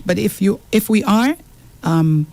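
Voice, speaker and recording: A woman's voice: medium pitch, a little slow, no echo. A woman co-hosting a radio show, reading out contact details and agreeing often. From Saint Lucia. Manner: steady with frequent murmured agreement. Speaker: radio co-host. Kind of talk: casual radio talk. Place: radio studio.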